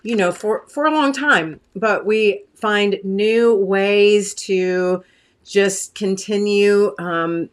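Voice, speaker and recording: A woman's voice: medium pitch, slow. A woman hosting a casual live craft stream, chatting with viewers and reading comments, with a catch in her throat. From United States. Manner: chatty, warm asides to viewers, many fillers. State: clearing her throat often.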